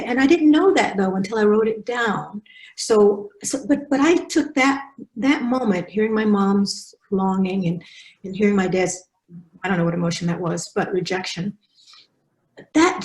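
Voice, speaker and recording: A woman teaching a writing webinar, talking quickly and animatedly with frequent restarts. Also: medium pitch, reverberant, low-quality recording. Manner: fast, animated, with many restarts. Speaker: faculty webinar speaker.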